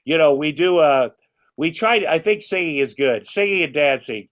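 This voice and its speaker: A man's voice: fairly high pitch, lively intonation, normal speed, fairly bright tone. A man in his sixties, a podcast guest, chatting casually and rambling with restarts and casual swearing. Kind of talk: casual chat.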